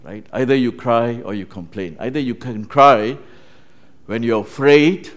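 Speaking at a measured pace in a mid-range voice, a man gives a sermon that feels like a conversation. He keeps checking in with the congregation, often tacking tag questions onto his sentences.

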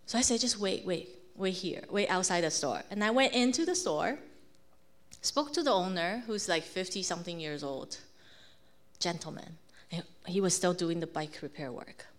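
A woman telling a personal testimony with animated storytelling, quoting others and using frequent fillers. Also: mid-range voice. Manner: animated storytelling with quoted voices.

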